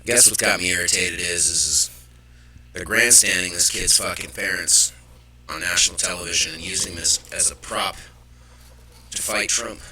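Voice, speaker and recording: A man's voice: sits low, steady tone, normal speed, pushed and bright, slight background noise, low-quality recording. A man hosting a live show, ranting with profanity and irritation about the news. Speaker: host. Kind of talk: live political commentary.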